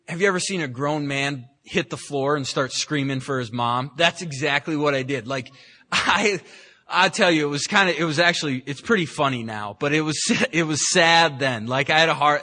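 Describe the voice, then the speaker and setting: At an AA meeting in a meeting room, a man from San Francisco, California tells his recovery story in a candid, self-mocking way, restarting many times. His voice sits on the high side and has a sharp tone.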